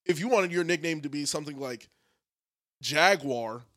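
A man's voice: on the high side, expressive, normal speed, a bit bright. A young man chatting casually with friends, frank and laughing often. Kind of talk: casual chat.

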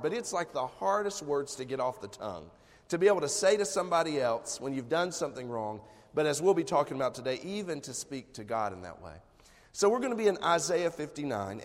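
Throat-clearing pastor in a reverberant hall. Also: male voice, a little high. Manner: conversational storytelling with frequent throat clearing. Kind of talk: sermon. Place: church sanctuary.

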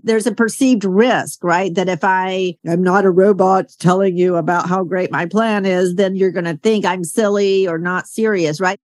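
A woman's voice: medium pitch, no room sound. An older woman hosting an interview podcast, responding enthusiastically and asking questions in a chatty way. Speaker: podcast host. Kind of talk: conversational interview.

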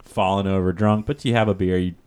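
A man's voice: deep voice, steady tone, a little fast, a little mellow, clean tone. A man casually telling a rambling fishing story in a chat, full of fillers and quoted dialogue.

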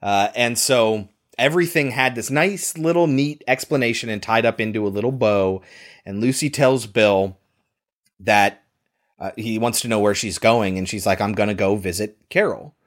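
A man's voice: fairly low pitch, normal speed. Man animatedly retelling a film. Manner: animated storytelling, swears, acts out lines. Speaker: podcast co-host. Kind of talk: casual film recap.

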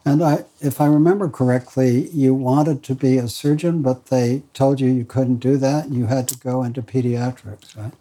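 A man interviewing a guest, calmly prompting her with questions. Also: mid-range voice, normal speed, hardly any pauses.

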